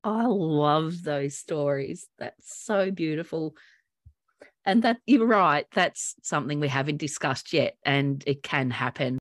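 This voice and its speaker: A woman with a notably low voice co-hosts a podcast, recorded dry and close with no room sound. She tells personal stories in an earnest, animated way. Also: slow pace, no echo. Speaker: podcast co-host. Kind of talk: casual chat.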